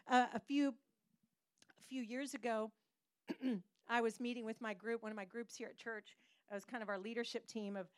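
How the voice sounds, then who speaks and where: A middle-aged woman pastor preaching a sermon, telling a personal story in an animated way with pauses for emphasis. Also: on the high side, clear, resonant tone, no room sound.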